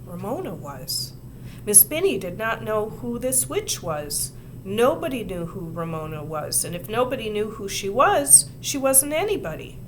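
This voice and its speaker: A woman reading a children's book aloud in an expressive storytelling way. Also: mid-range voice, measured pace, noisy background. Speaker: reader.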